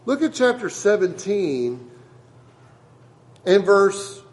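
A man's voice: sits high, very animated, slow pace, roomy sound, low-quality recording. A man preaching a sermon to a congregation in a conversational way, often asking them questions. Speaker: pastor.

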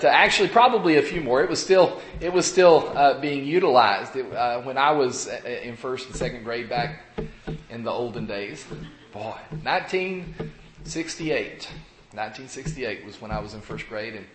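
A man in his fifties giving an evening sermon at a pulpit microphone, talking around a cough drop while getting over a cold, folksy and halting with many fillers and restarts. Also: mid-range voice, reverberant, background noise. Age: 50s. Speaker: preacher. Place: church sanctuary.

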